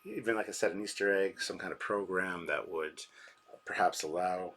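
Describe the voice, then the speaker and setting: A man's voice: low voice, moderate pace, fairly bright tone. A man hosting a live reaction stream, rambling casually and reading out viewers' chat messages and donations.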